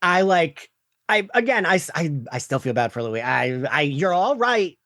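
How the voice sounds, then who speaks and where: A man co-hosting a casual podcast, talking haltingly with many restarts about scenes that made him cry. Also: on the high side, no room sound, studio quality. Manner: halting, restarts a lot, expressive. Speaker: podcast co-host. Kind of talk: casual pop-culture discussion.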